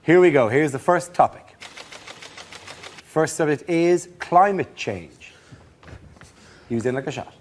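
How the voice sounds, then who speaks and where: A man hosting a comedy panel show, briskly announcing topics and teasing the guests. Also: fairly high pitch, lively intonation. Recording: studio audience laughter, noisy.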